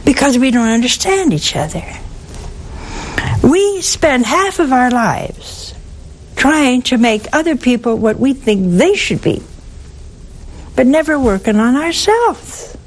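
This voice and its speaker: A woman giving a sermon in a slow, deliberate way, with asides and some softly whispered stresses. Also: high voice, big pitch swings, slight background noise, rough recording. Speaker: preacher.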